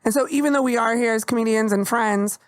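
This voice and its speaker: Candid, animated woman podcast host. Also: fairly high pitch, fast talker, no room sound, studio quality. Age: young adult. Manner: animated, candid, swears casually. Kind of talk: casual conversational chat.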